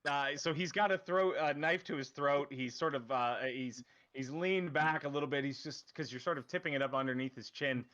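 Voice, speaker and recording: A man narrating a tabletop game as dungeon master, halting with many fillers. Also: on the high side, a bit bright, muffled recording.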